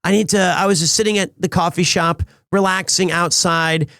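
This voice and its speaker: High-voiced man chatting on stream. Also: steady tone, normal speed, pushed and bright, no room sound, studio quality. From United States. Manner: rambling storyteller with frequent restarts. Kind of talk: casual stream chat.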